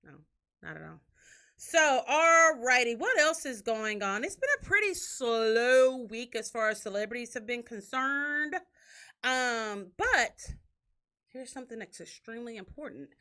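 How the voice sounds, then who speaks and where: A woman hosting a podcast, telling stories in a casual, profane way and acting out what others said. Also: measured pace. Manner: animated, profane, acts out quotes in a shrill crying voice. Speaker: podcast host. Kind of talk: casual storytelling chat.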